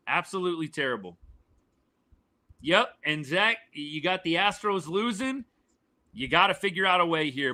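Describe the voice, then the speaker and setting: Male sports streamer, fired-up and exasperated, forceful and a little high-pitched, answering chat live. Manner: fired-up, exasperated, repeats points.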